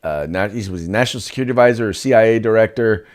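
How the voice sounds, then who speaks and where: A man co-hosting a political talk show, halting and searching for words. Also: on the low side. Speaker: co-host.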